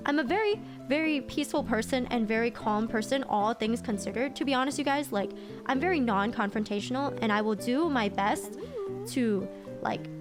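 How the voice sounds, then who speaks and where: A young woman telling a story to her viewers, animated and rambling, repeating phrases as she goes. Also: fairly high pitch, normal speed, over music. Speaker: streamer.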